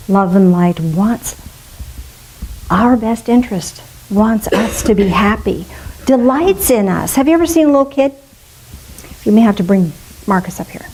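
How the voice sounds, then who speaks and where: A middle-aged woman leading a spiritual fellowship, preaching in a chatty, playful way and slipping into soft gushing voices now and then. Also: mid-range voice, rough recording. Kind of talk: casual sermon.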